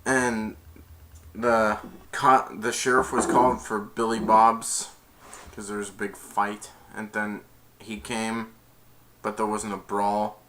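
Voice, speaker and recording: A man's voice: lowish voice, level tone, slow, a bit bright, slight background noise. Rambling young man retelling a movie. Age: young adult. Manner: rambling, strings events with "and then". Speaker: movie reviewer.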